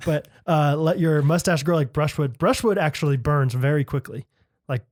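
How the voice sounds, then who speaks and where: A young man with a slightly high voice co-hosts a podcast in loose, comedic chat. He riffs and spins silly made-up explanations with a straight-faced, playful delivery. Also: normal speed. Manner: jokey, playfully makes up fake explanations. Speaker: podcast co-host.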